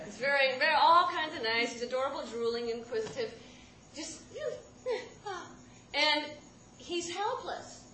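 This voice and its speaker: A woman telling a personal story live, animated and often laughing mid-sentence as she restarts her words. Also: high voice, moderate pace. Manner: animated, self-interrupting, laughing through lines. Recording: echoey room with background noise.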